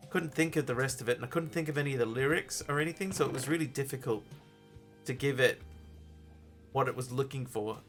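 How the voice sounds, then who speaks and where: A man's voice: medium pitch, fairly quick, fairly bright tone, faint music behind. Rambling chatty streamer guy. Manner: rambling, chatty, many ums and restarts. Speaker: streamer playing a game. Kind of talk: casual live-stream chat while playing.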